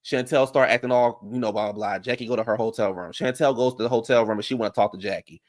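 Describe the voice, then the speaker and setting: A man casually recapping reality TV drama in an animated, profane storytelling manner, jumping up high when he quotes the women. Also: fast. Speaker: reality TV commentator.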